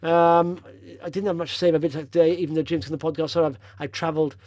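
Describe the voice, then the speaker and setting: A man's voice: on the high side, little pitch movement, fast talker, a little mellow, dry recording. A man hosting a casual stock-picking video, talking over charts in a chatty, rambling way with blunt opinions, tired after a long drive.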